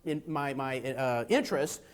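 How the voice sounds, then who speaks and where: A man giving an economics lecture, talking in an animated way and checking in with his listeners through rhetorical tag questions. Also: mid-range voice, unhurried, clean tone. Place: lecture at a seminar event.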